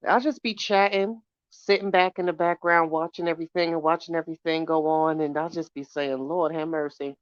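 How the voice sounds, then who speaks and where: A woman hosting a casual live stream, hoarse from a chest cold, chatting with viewers and greeting them by name. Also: fairly low pitch, fairly even intonation, brisk, hardly any pauses, no echo, muffled recording. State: hoarse from bronchitis. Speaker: podcast host doing a live stream. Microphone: phone.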